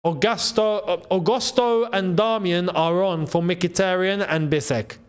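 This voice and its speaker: Excitable high-voiced man commentating live. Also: a little slow, smooth. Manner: excitable, shouts at big chances and goals. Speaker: football channel host. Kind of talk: live match watchalong commentary.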